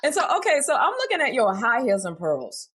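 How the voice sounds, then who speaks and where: A woman's voice: high-pitched, wildly swooping pitch, fairly quick, background noise. A woman hosting an interview show, encouraging her guest and asking questions she prepared from notes. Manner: warm encouraging reactions, reads from notes. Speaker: talk show host.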